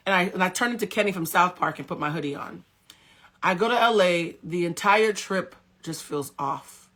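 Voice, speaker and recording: Woman with a bright sharp voice, spilling a dramatic story, swears a lot, phone mic. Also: on the low side. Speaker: storyteller on a livestream. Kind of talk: casual storytelling.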